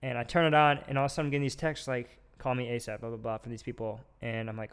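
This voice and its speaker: A man's voice: medium pitch, little pitch movement, rapid-fire, a bit bright, smooth. A young man, a podcast host, telling a long story casually with lots of filler words.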